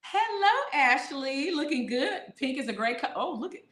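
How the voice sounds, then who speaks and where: A woman's voice: sits high, very animated, moderate pace, a bit bright, echoey room. A woman co-hosting a casual live podcast with her husband, reading out viewer questions with lots of laughter and teasing. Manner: playful, laughing, reads viewer comments aloud. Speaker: podcast co-host. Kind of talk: casual live-stream chat.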